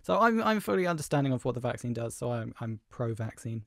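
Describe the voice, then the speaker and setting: A young man co-hosting a casual podcast, jokey, with quick interjections. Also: medium pitch, very animated, vocal fry, dry recording, studio quality. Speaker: podcast co-host. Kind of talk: casual chat.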